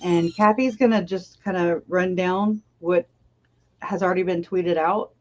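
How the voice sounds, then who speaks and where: A woman's voice: on the low side, a little slow. Giggly woman hosting a casual stream. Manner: chatty, laughs often. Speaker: channel host. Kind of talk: casual livestream chat.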